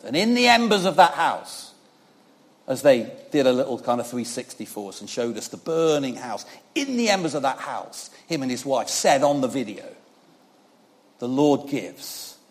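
Speaking at a medium pitch and normal speed, a very animated man gives a sermon at church. His delivery is conversational and full of tag questions aimed at the congregation, shifting from loud emphasis to quiet lines.

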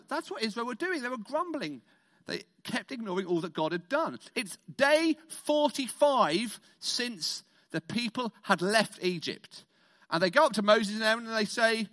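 British man, all-age sermon, high bright voice, leads call-and-response playfully. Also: very animated, normal speed. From Britain. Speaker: preacher.

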